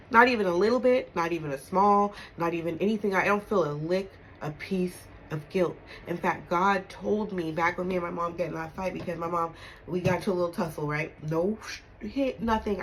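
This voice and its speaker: A woman in her thirties tells a personal story on her vlog in a mid-pitched, candid voice. She talks emphatically and drops to a soft, low tone when she turns reflective. She checks in with the listener as she goes. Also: slight background noise, poor audio. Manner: emphatic, punctuates with "okay?" and laughs. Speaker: storytime vlogger.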